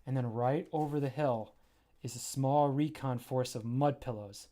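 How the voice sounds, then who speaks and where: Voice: medium pitch, measured pace, mellow. Casual, rambling comic creator reading aloud. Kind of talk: livestream storytelling of a graphic novel.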